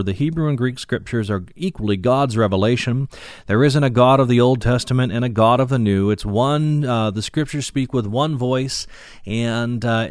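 A man teaching the Bible verse by verse, reading old-fashioned scripture aloud and explaining it with many pauses and fillers. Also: medium pitch, no room sound, clean studio sound. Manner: reads King James verses aloud, then explains them with frequent "uh" fillers.

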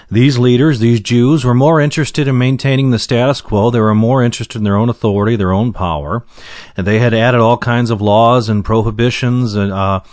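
A man's voice: mid-range voice, dry recording. Earnest man teaching scripture, dry sound. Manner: measured, earnest, with frequent fillers and slow emphasis on verses. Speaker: Bible teacher. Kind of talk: verse-by-verse Bible teaching.

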